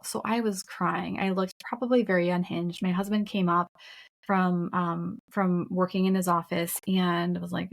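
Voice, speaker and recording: With a low-ish, gravelly voice and a moderate pace, this podcast co-host shares a personal story in a candid, emphatic, conversational way, with occasional swearing.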